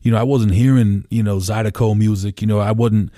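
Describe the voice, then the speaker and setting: Low, mellow-voiced man telling rambling stories. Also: fairly even intonation, a little fast, dry recording, clean studio sound. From Pennsylvania. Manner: rambling, lots of "you know" fillers, swears casually. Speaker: podcast guest. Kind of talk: casual storytelling conversation. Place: home room.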